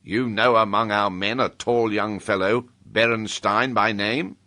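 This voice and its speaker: A man's voice: on the low side, steady tone, unhurried, bright, forceful tone. A man with a British accent reading an audiobook, voicing a blunt, protective older male soldier with an urgent, plain-spoken manner. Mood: grave. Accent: British English. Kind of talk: audiobook character voice.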